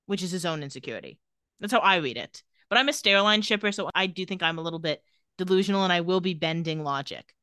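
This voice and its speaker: A woman's voice: lowish voice, quick pace, no echo, clean studio sound. A woman co-hosting a podcast, casually recapping a TV episode and acting out the characters' lines. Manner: animated retelling, acting out quoted lines. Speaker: podcast co-host.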